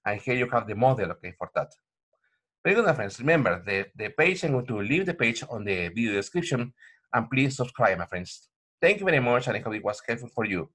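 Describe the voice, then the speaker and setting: A man teaching pronunciation in an online lesson, repeating words slowly and calling viewers "my friends". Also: mid-range voice, sing-song, a bit bright, husky. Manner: repetitive, addresses viewers as my friends, frequent okay.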